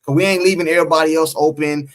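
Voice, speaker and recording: A man's voice: a little high, fairly even intonation, racing. A man co-hosting a casual post-game sports stream, reading the chat and talking emphatically, repeating his points and teasing viewers. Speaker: sports talk co-host.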